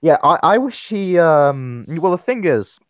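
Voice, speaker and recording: Young guy rambling slow on a podcast, trips over words, dry close mic. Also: on the high side, very animated, dry recording, rough recording. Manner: rambling with frequent restarts and stumbles. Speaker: podcast host. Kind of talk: casual chat.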